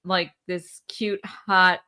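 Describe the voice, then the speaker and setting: A woman's voice: lowish voice, flat delivery, very slow, bright, forceful tone, smooth. Candid, laughing woman co-host. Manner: laughs often, candid and profane. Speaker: podcast co-host. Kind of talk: casual chat. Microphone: video call.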